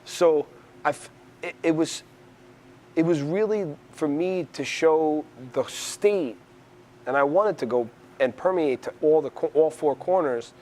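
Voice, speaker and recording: A man's voice: fairly high pitch, unhurried, a little hiss or hum. Man rambling with faint ambience. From New York City. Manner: rambling, restarts often, animated storyteller. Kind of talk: conversational interview.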